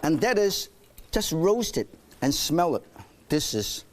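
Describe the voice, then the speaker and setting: A man's voice: on the high side, sing-song, takes it slowly, a little hiss or hum. A man hosting a cooking show, demonstrating a dish in a studio kitchen with playful energy, coaxing his audience along.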